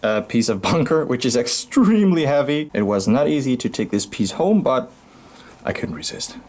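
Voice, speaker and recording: A man's voice: mid-range voice, lively intonation, moderate pace, darkish tone. A Dutch man with a Dutch accent, hosting an enthusiastic show-and-tell tour of his collection room at home, pointing out items one by one. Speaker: collector and channel host.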